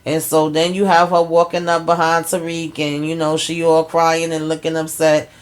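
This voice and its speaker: A woman casually recapping a TV episode for her viewers, animated and chatty, acting out characters' lines. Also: moderate pace. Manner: animated storytelling, acts out characters' lines with pitch jumps; chatty, addresses viewers as y'all. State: tired. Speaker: TV recap host.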